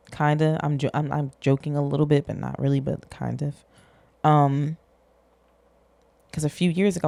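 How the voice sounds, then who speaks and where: A woman's voice: deep voice, moderate pace, vocal fry, pauses often, darkish tone, no echo. A young woman hosting a podcast, talking frankly and casually in a rambling way, swearing freely and joking at herself. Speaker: podcast host. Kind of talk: candid casual monologue.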